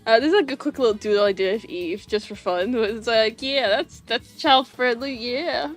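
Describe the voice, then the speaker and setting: Young adult woman, high-pitched, casual livestream chat, rambling with restarts, soft background music. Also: normal speed. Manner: rambling, giggly, lots of fillers and restarts. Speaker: animation streamer. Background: faint music.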